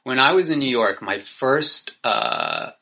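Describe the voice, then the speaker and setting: A man's voice: mid-range voice, huge pitch swings, slow pace, creaky, bright, forceful tone, husky. A man, an actor, chatting casually and animatedly, exclaiming and acting out quotes. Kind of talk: casual podcast chat.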